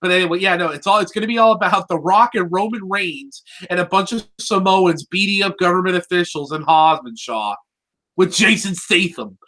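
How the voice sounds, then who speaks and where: A co-host with a bright, forceful tone and mid-range pitch talks in a loose, rambling way. The jokes come thick, and the words often stumble and restart mid-sentence. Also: a little fast. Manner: rambling, joking, trips over words and restarts. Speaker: co-host of a cartoon review show. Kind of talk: casual review chat.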